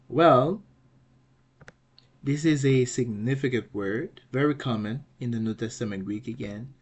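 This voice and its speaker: A man teaching a pronunciation lesson, patient and slow, asking the viewer questions and repeating each word several times. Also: mid-range voice, a little mellow. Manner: asks the viewer questions and answers them. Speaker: Greek teacher.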